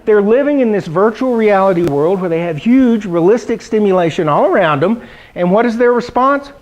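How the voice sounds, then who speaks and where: A middle-aged man gives a funny keynote address to a conference audience. He tells his stories with lively energy and slips into the voices of the people he quotes. His voice sits a little on the high side. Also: moderate pace, low-quality recording. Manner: animated storytelling, acts out quoted voices. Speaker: keynote speaker. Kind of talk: humorous keynote speech. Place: conference hall.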